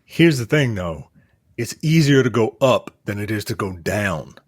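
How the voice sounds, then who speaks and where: Male co-host, husky, dry close sound, emphatic and repetitive in casual banter. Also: fairly low pitch, unhurried, dry recording. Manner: animated, repeats points for emphasis. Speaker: podcast co-host. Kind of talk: casual chat.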